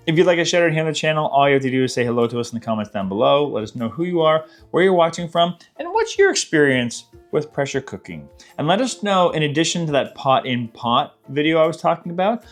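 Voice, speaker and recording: A man hosts a cooking tutorial in a relaxed, chatty way and speaks right to his viewers. His voice sits at an ordinary middle pitch. Soft background music plays faintly under him. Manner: friendly, chatty, talks straight to viewers. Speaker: cooking channel host.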